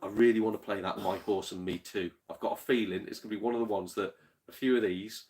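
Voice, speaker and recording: A man's voice: lowish voice, steady tone, quick pace, a little mellow. A man with a Yorkshire accent hosting a casual gaming livestream, chatting and reading out viewer comments, swearing freely and laughing often.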